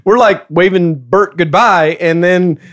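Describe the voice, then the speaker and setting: A middle-aged man co-hosting a podcast, telling a story in a casual, animated way with frequent laughter. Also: high voice, measured pace. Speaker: podcast co-host.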